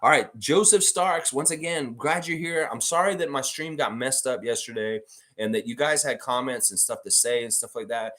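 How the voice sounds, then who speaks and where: A man's voice: mid-range voice, normal speed, fairly bright tone. A man hosting a casual live stream, rambling and reading viewer comments aloud. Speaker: livestream host.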